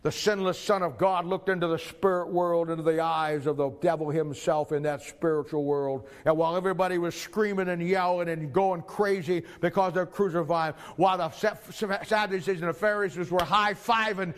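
An older man preaching a sermon, swinging from quiet storytelling to loud shouted climaxes. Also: steady tone, moderate pace, hardly any pauses. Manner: rises to shouting climaxes, drops low for storytelling.

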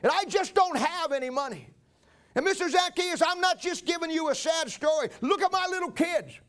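A preacher putting on a desperate mother in a sermon story, tearful and begging. The voice sits very high, pushed above his own. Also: expressive, normal speed, a bit bright. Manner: tearful, pleading. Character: desperate, weeping mother of small children.

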